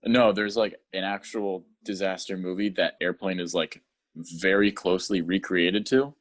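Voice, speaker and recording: Low-voiced man rambling on a podcast. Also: steady tone, normal speed. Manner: rambling, filler-heavy, acts out scenes in funny voices. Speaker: podcast co-host. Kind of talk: casual chat.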